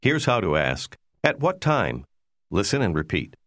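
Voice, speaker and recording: A man giving scripted instructions in a language course, prompting the listener in a clear, measured way. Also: sits low, big pitch swings, a bit bright, no echo, studio quality.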